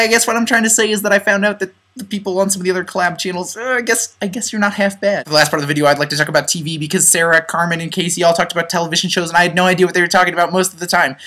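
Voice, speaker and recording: A man's voice: fairly high pitch, bright, forceful tone. A young man chatting playfully on a casual webcam vlog, joking and rambling a little. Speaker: vlogger.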